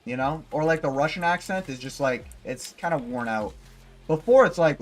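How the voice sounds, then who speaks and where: A man's voice: fairly high pitch, animated, normal speed, soft background music. A man livestreaming while gaming, chatting casually and rambling, swearing freely and leaning on fillers.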